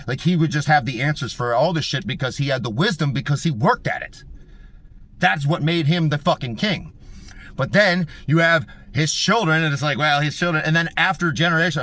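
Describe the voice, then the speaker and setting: A man ranting heatedly to camera, swearing constantly, repeating himself and swinging between loud bursts and low mutters. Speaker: video host. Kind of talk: heated profane rant.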